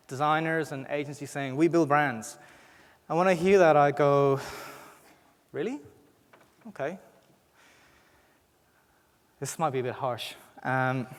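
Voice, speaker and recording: A man with an Irish accent giving a conversational conference talk, often restarting his sentences. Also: medium pitch. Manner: conversational, frequent restarts and fillers. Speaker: conference speaker. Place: conference hall. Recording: reverberant hall.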